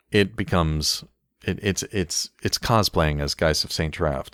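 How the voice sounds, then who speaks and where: This podcast co-host has a low voice and a wry manner, laughing softly while reading card text during a casual game-card review. The sound is dry and close, without any room sound.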